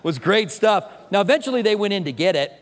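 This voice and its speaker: A middle-aged man preaching a sermon, telling a personal story with animated, self-mocking humor. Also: high-pitched, fast. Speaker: pastor. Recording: long reverb of a large hall.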